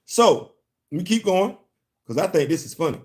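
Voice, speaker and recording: A high-voiced man speaks at a moderate pace as host of a laid-back live stream of comics commentary. Animated and chatty, he repeats words, laughs, and stops to say hello to viewers.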